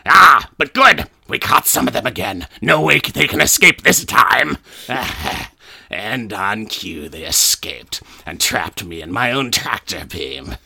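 Man playing a hapless alien grunt, gravelly, husky, very bright tone, grumbling, lively pitch. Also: slow pace, exaggerated voice. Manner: whiny, grumbling running monologue. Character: hapless male alien soldier, self-pitying and put-upon. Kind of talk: comic podcast character voice.

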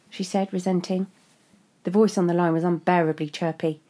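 A woman narrating a literary story in a measured, restrained way. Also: fairly low pitch, fairly even intonation, dark tone.

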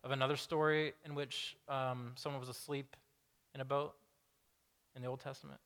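A man preaching a conversational sermon, casual and animated, asking the congregation questions and acting out the voices he quotes. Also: mid-range voice, moderate pace. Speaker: pastor.

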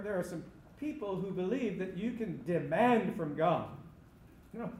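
Emphatic preacher with an echoing voice. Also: male voice, a little high, dark tone, a little hiss or hum. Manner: emphatic, rising to cries on quoted lines. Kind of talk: sermon.

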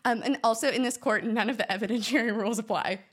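A woman's voice: fairly high pitch, fast talker. A young woman co-hosting a casual podcast and reading stories aloud, chatty and a little self-conscious, laughing often, on a studio microphone. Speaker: co-host, law student.

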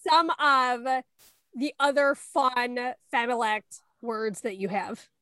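A woman with a high, bright-pitched voice co-hosts a podcast and steers the interview. The sound is close and dry, and she talks quickly, full of likes and restarts. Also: fairly even intonation, smooth, dry recording. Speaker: podcast co-host. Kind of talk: casual interview chat.

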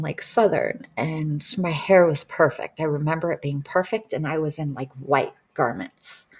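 Chatty woman with a lowish voice. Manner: chatty, many "like" fillers, acts out quoted dialogue. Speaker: past-life regression practitioner. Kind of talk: casual personal storytelling.

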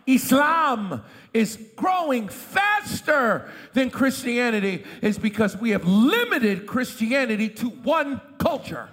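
A middle-aged male pastor preaching an impassioned sermon in a church, often shouting and calling for a witness from the congregation. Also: very high voice, long reverb tail. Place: church sanctuary.

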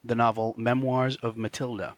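A man's voice: medium pitch, flat delivery, normal speed, dry recording. A man co-hosting a podcast, chatting about a film in a loose, rambling way full of fillers. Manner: rambling, many "you know" fillers, explanatory. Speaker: podcast co-host. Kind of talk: casual film commentary chat.

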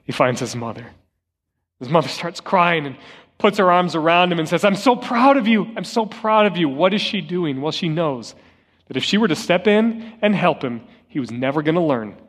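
Middle-aged male pastor, higher-pitched voice, conversational sermon with rhetorical questions, long hall reverb. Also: breathy edge. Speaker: interim lead pastor. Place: church sanctuary.

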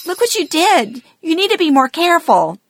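A woman voicing her elderly mother, confused, indignant and hurt, with a shrill, accusing manner. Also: big pitch swings, normal speed, exaggerated voice. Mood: scolding.

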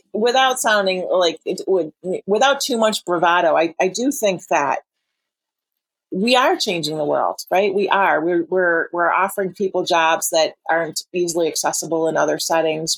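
A woman's voice: fairly low pitch, breathy edge, no echo. A woman hosting a podcast, chatting casually and encouraging her guest with plenty of fillers. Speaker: podcast host. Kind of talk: casual interview chat.

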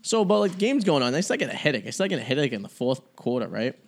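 A man's voice: mid-range voice, sing-song, racing. A man hosting a podcast, telling a rambling story in casual chat and swearing freely. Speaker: podcast host.

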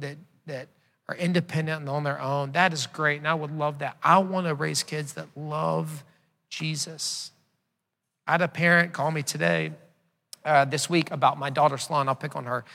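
A gravelly, bright-toned man in his thirties preaches a sermon in a conversational way and acts out stories with quoted dialogue. His voice sits a little high and rings with a long hall reverb. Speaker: pastor. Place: church sanctuary.

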